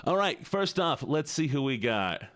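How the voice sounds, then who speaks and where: A man's voice: a little high, sing-song, measured pace, a bit bright, no echo, clean studio sound. A man livestreaming, chatting playfully with his viewers and greeting them one by one. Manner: playful, teasing, greets chat by name. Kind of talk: casual live-stream chat.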